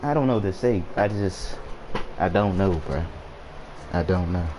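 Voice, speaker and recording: A man's voice: low voice, moderate pace. A young man streaming a video game, stunned and profane, repeating himself in drawled slang. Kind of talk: casual live reaction while gaming. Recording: noisy room ambience behind the voice.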